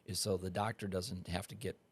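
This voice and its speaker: Deep-voiced man in casual talk. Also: little pitch movement, brisk, breathy edge. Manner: makes points with examples and asks "right?". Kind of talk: casual podcast chat.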